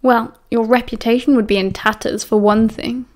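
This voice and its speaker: A woman's voice: fairly high pitch, a little slow, natural voice. A woman with a British accent voicing a sly, cheeky teenage wizard boy in an audiobook. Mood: teasing. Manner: sly, playful.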